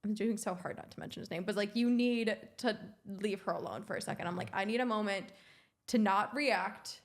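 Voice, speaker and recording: Speaking a little fast at a medium pitch, a young woman co-hosts a podcast. She chats casually, spinning animated stories and acting out what people said.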